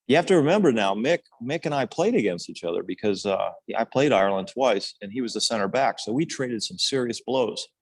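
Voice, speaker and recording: An older man speaks on a podcast in a low, dry close-mic voice. He rambles earnestly through his story, restarting phrases and leaning on fillers as he goes. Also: no echo. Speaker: podcast guest, former national team player. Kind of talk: casual storytelling interview.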